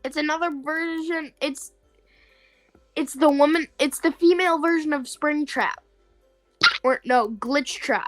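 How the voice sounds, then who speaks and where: A woman's voice: high voice, unhurried, pauses often, soft background music. Playful young woman chatting. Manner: playful, joking. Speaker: co-reader. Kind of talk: casual chat.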